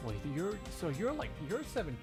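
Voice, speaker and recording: A man's voice: high-pitched, wildly swooping pitch, normal speed. A man streaming a live one-man fandub of a game, with casual, self-deprecating asides. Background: game music.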